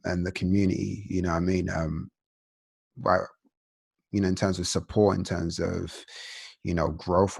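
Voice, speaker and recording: A man's voice: deep voice, creaky, darkish tone, slightly rough. A man hosting a casual interview, talking loosely with lots of slang and fillers. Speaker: podcast host.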